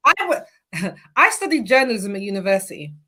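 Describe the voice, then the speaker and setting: A woman's voice: mid-range voice, a little fast. A young adult woman from the UK chatting casually and animatedly as a podcast guest. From United Kingdom. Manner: animated, acts out quoted thoughts. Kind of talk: casual chat.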